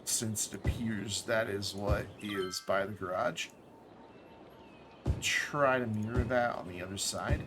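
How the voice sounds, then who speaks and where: A man streaming a city-building game, thinking aloud in relaxed commentary with small asides. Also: on the low side, slow, music in the background.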